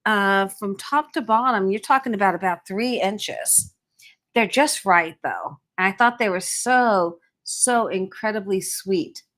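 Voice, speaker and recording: A woman co-hosts a live shopping stream in a casual, chatty way, gushing over the jewelry and china she shows off. Her medium-pitched voice has a fairly bright tone and a measured pace.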